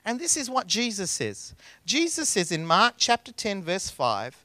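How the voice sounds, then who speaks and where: High, bright-voiced male pastor. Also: wildly swooping pitch, a little slow, no echo. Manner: emphatic, conversational preaching with repeated phrases. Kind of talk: sermon.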